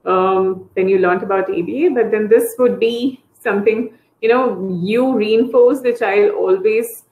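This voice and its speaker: A woman therapist explains speech techniques to parents in an easy, mid-pitched voice. She often jumps into high, sing-song demonstrations of how to talk to small children. The sound is roomy and echoey, as from a video call. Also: a little slow, a little mellow. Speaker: early intervention therapist. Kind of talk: online parent training talk.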